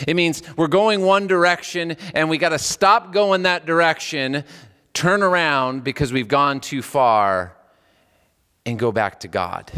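A male pastor preaching a sermon in a church. He swings between raised, emphatic lines and low, solemn ones, with casual asides between scripture readings. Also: clear, resonant tone, long reverb tail. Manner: animated preaching with wide swings in pitch and loudness, dropping low on solemn words. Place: church sanctuary.

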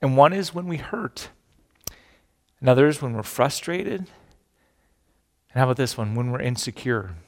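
A middle-aged man preaching a sermon, animated and emphatic, acting out the quotes he tells. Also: mid-range voice, normal speed, pauses often, long reverb tail. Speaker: pastor.

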